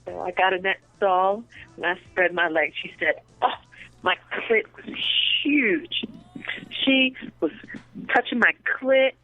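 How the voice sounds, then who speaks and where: A woman guest telling animated, profane stories in a casual interview, often bursting into laughter. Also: fairly low pitch, moderate pace, no echo, narrow, tinny audio, faint music behind. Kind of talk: casual storytelling.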